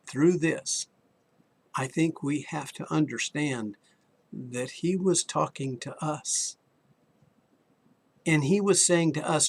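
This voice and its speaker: A man's voice: mid-range voice, gravelly, husky. A man giving a sermon in an earnest, questioning way, often repeating a word as he starts a sentence. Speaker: preacher.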